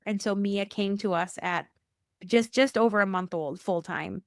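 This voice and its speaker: A woman who works at a church, a podcast guest telling a personal faith story, animated, acting out quoted dialogue and repeating phrases for emphasis. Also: moderate pace, no echo, studio quality. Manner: animated, acts out quoted dialogue with rising pitch. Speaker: church worker.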